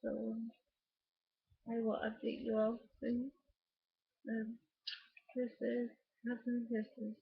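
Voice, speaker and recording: Hoarse young woman, croaky and tired. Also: on the high side, completely flat delivery, extremely slow, long pauses. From United States. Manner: rambling, tired, with fillers. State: hoarse from allergies, losing her voice. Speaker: vlogger. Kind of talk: casual late-night vlog. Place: her bedroom at home. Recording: dull lo-fi laptop recording.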